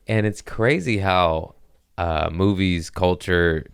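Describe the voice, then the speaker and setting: A man's voice: low voice, a little slow, clear, resonant tone, no echo. A man hosting a podcast in casual chat, rambling and jokey, often slipping into silly voices. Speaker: podcast host, comedian.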